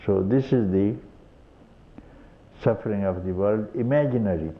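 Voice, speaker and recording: A man's voice: on the low side, moderate pace. An older man with an Indian accent giving a satsang talk as a spiritual teacher, chuckling often and asking rhetorical questions, on a tinny old tape with faint hiss. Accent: Indian English.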